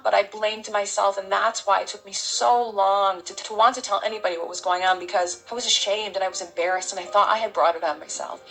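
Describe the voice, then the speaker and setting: Middle-aged woman guest, halting heartfelt testimony, mid-pitched, soft music underneath. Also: steady tone, gravelly, poor audio. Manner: halting, heartfelt storytelling with many restarts. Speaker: interview guest. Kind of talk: personal testimony.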